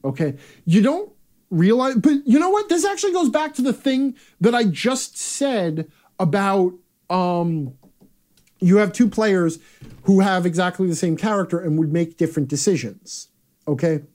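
A man's voice: sits high, animated, normal speed, a little mellow. A man hosting a live chat, talking bluntly and casually with profanity and rambling asides. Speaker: host.

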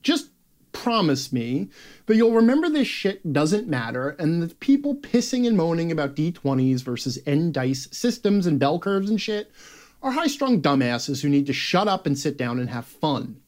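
A man reads his own game design column aloud as a sarcastic, profane rant, swinging from loud outbursts to muttered asides. His fairly high voice is very animated and moves at a moderate pace.

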